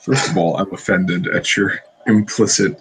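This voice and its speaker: A man's voice: low voice, moderate pace, fairly bright tone, slight background noise. A man player in a casual tabletop game chat, joking and teasing the others.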